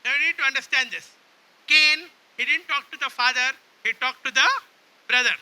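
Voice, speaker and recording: A man's voice: very high-pitched, moderate pace, pushed and bright. A man preaching a sermon, drawing call-and-response from the congregation and repeatedly asking if they understand. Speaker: pastor.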